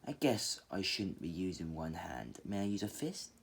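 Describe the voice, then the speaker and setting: A man's voice: low-pitched, very animated, moderate pace, vocal fry, husky, full character voice. A man voicing a blunt, hard-drinking female fighter in a casual, unpolished way. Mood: challenging.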